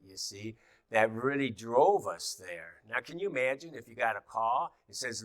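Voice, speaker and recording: A man's voice: fairly low pitch, normal speed, a bit bright, no echo. A middle-aged man teaching a class in an easy, conversational way, with many fillers and restarts and little acted-out quotes.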